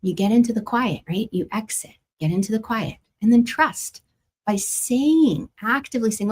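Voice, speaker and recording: A woman's voice: fairly high pitch, moderate pace, a little mellow, slightly rough. A woman hosting a live astrology and spiritual guidance stream, chatty, laughing often and greeting viewers by name. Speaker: astrology host. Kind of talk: livestream spiritual guidance talk.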